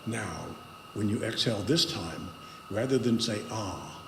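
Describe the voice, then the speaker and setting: A male guest speaker walks a congregation through a voice exercise at a spiritual center, slowly and with pauses between directions. His gravelly voice is mid-range, leaning low, and it reverberates at length through the big hall over steady background noise.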